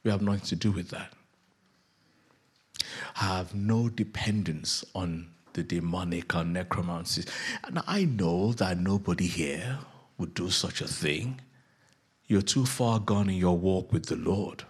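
A male pastor preaches a sermon, retelling a Bible story with playful asides. His voice is husky and sits fairly low. He moves between quiet moments and lively punchlines. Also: unhurried. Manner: jokey, animated Bible storytelling.

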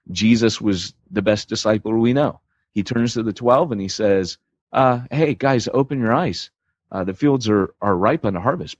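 A man's voice: lowish voice, breathy edge, dry recording, muffled recording. An American man co-hosting a church planting podcast, talking casually and joking as he explains his point. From United States. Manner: animated, joking, restarts a lot.

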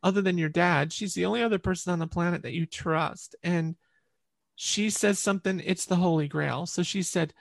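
Gravelly-voiced woman telling a personal story. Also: lowish voice, normal speed, dry recording, clean studio sound. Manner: earnest, repeats words while recalling. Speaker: interview guest.

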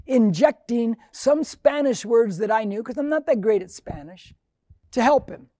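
Older male pastor, earnest and conversational, warm mellow voice, dry recording. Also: extremely high pitch, expressive, fairly quick, no room sound. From Mexican heritage. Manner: earnest, conversational, acts out dialogue. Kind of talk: sermon storytelling.

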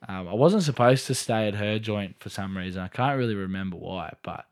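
A man's voice: on the low side, lively intonation, a little fast. A young man with an Australian accent, co-hosting a casual podcast and rambling through a story, full of filler words and swearing. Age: young adult. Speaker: podcast co-host. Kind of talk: casual chat.

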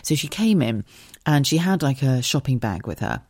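A woman hosting a podcast, telling an anecdote in a chatty, animated way, laughing often and swearing freely. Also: extremely low pitch, normal speed, breathy edge, no room sound, clean studio sound. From United Kingdom. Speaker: podcast host. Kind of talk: casual anecdotal storytelling.

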